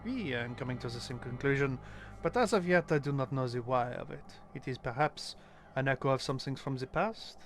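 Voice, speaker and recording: A man's voice: mid-range voice, brisk, slight background noise, lightly acted. A man voicing a formal, earnest French investigator with a put-on French accent, reading game dialogue. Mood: puzzled. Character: earnest male French investigator gathering data.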